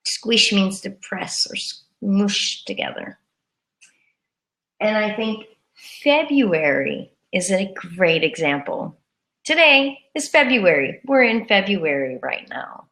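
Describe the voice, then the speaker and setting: A woman gives a live English lesson at a slow, unhurried pace. She says words carefully and repeats each one for her learners, in a voice of middling pitch. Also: sing-song, vocal fry, a bit bright. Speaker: English teacher. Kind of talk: live-streamed grammar lesson.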